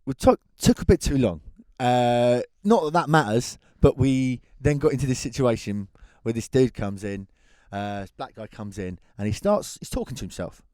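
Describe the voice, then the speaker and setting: An English man co-hosting a podcast, telling a long anecdote in a lively, laughing way. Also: medium pitch, moderate pace, hardly any pauses, no echo, clean studio sound. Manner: animated storyteller, laughs through his tale. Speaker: podcast co-host. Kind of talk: casual chat, anecdote telling.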